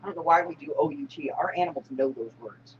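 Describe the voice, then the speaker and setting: A woman hosting a casual live-stream chat, laughing loudly and often. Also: sits low, quick pace, highs cut off, slight background noise. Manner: loud laughing, animated. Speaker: host.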